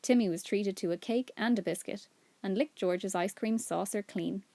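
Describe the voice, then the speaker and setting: Casting: a teacher narrating a children's book for her class, steady and clear. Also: mid-range voice, normal speed, no echo. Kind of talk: reading a children's book aloud.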